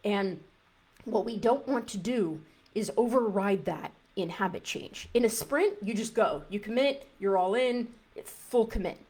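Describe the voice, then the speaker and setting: A woman's voice: medium pitch, expressive, measured pace, darkish tone, husky. A woman dietitian coaching a live group in a conversational way, often restarting phrases and acting out an inner voice.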